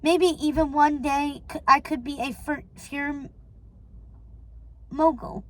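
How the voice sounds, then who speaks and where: High-voiced woman reading a novel aloud. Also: slow, rough recording. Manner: steady, with small stumbles and self-corrections. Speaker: reader.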